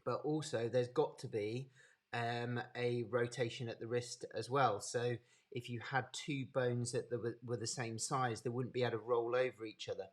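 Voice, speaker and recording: Man, Birmingham accent, anatomy lecturer, casual webinar, chatty, middle pitch. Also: fairly even intonation. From English Midlands. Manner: chatty, unhurried, stops to greet attendees by name. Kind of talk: informal live webinar lecture.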